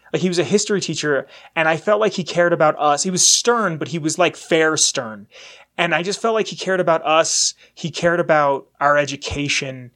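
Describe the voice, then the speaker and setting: Here a twenty-something podcast host talks casually and openly, wandering from point to point with offhand profanity. He has a slightly high, somewhat bright voice.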